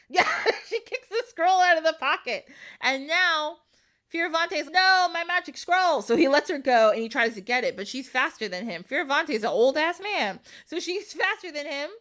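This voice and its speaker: Young female podcast host, animated casual storyteller, salty language, slightly high pitch. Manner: animated, swears freely, acts out quotes.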